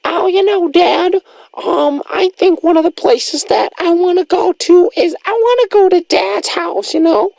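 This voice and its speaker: A man's voice: extremely high pitch, unhurried, vocal fry, darkish tone, no room sound, voice pushed up, heavily acted, poor audio. A man voicing a bashful, childlike sidekick who calls the host Dad and keeps apologizing, in a radio show character bit. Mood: sheepish.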